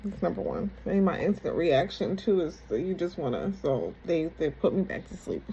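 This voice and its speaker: A woman candidly retelling a personal story in a casual, halting, conversational way. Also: fairly low pitch, very animated, creaky, warm tone, slight background noise, rough recording.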